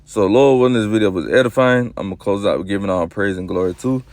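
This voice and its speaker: A man giving casual scripture commentary. He reads verses slowly and with drawn-out emphasis, then explains them in loose talk, often tossing in "man" and "you see". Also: lowish voice, a little mellow, dry recording. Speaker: scripture preacher.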